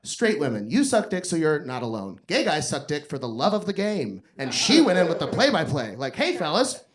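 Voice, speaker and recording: A man performing a crude stand-up comedy set on a club stage, yelling his punchlines and telling stories. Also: a little high, very animated, fairly quick. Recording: noisy live club recording.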